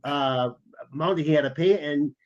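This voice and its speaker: A man on a podcast tells an animated travel story, acting out the people in it. His voice sits a little high, and the recording sounds somewhat dull and lo-fi. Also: moderate pace. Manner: animated, acts out the quoted lines. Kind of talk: casual storytelling chat.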